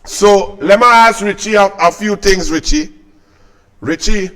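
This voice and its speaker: Very high-pitched mocking Trinidadian man. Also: expressive, slow pace, pauses often, fairly bright tone. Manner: mocking, sarcastic, combative. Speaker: political commentator. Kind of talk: political rant to camera.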